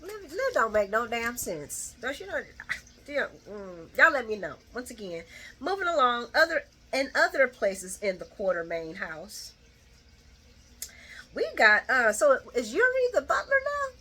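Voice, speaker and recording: Animated husky woman recapping a soap. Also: on the high side, measured pace. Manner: animated, acts out characters' lines, laughs often. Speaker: soap opera recap vlogger. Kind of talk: casual chatty recap, talking to viewers.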